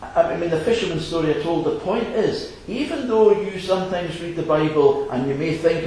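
A man's voice: on the high side, normal speed, hardly any pauses, darkish tone. A man preaching a sermon in an assembly hall, earnest with chuckling asides. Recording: echoey hall, faint noise.

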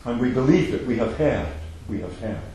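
A man preaching a sermon, emphatic and repetitive, swinging between loud declarations and soft asides. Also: medium pitch, lively intonation, a little fast, slight background noise. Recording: very echoey hall.

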